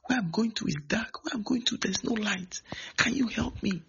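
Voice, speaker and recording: A man acting out a dead soul pleading from the dark, breathless and desperate, in a high, soft voice. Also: moderate pace, gravelly, background noise. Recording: dull lo-fi recording.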